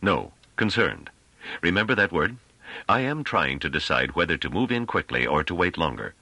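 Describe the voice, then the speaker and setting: A man voicing a thoughtful, distracted male scholar with a dry, gently teasing manner. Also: low voice, very animated, moderate pace, no echo, heavily acted. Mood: musing.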